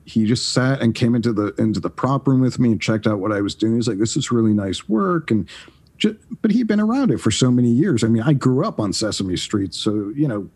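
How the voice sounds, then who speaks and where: A man in his forties, a podcast guest, telling career stories in a casual, animated way, often restarting his sentences. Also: mid-range voice, a little fast, husky. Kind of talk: casual storytelling.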